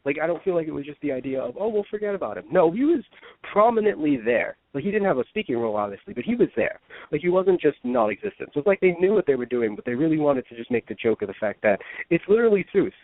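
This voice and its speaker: Over a dry, echo-free phone-line sound, a male co-host of a casual radio podcast chats in a loose, rambling manner. His voice is a little high.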